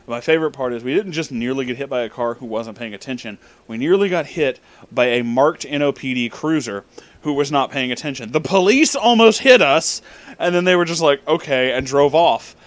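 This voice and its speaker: A man's voice: medium pitch, a little fast. A young man casually telling a story about a road trip, swearing freely and laughing often. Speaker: vlogger.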